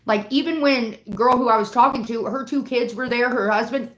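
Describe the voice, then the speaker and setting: A woman's voice: a little high, a bit bright. Woman venting on her livestream, cussing a lot, kinda echoey room. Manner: profane, heated, talks fast in bursts. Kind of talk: casual storytelling rant. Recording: roomy echo.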